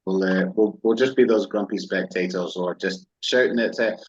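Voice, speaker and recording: A man's voice: sits low, moderate pace, lo-fi sound. A man hosting a podcast, bantering casually with frequent laughter and swearing. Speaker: podcast host. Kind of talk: casual chat.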